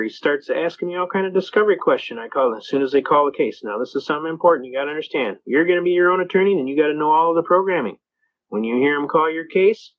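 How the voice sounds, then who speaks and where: A man with a slightly high voice talks fast and folksy, spinning stories to an audience as he teaches. His voice comes through a dull, lo-fi recording with the top end missing. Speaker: speaker on self-representation in court. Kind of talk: folksy storytelling lecture.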